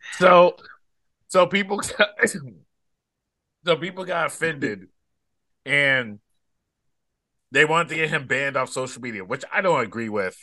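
A man with a fairly high, bright voice, recorded close and dry. He tells a story easygoingly on a casual comedy podcast and laughs often. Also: lively intonation, takes it slowly, pauses often, no room sound. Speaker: podcast guest.

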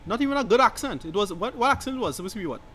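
A man's voice: high voice, animated, very fast, fairly bright tone. A man in casual chat about films, blunt and emphatic, often talking over the other speaker.

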